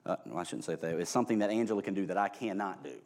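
A man preaching an informal, humorous sermon, joking at his own expense and swinging between hushed and loud delivery. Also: sits low, animated, rapid-fire. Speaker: pastor.

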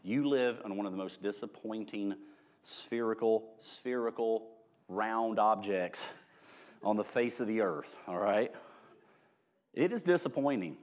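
A man preaching an informal, humorous sermon, joking at his own expense and swinging between hushed and loud delivery. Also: fairly low pitch, lively intonation, normal speed. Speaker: pastor.

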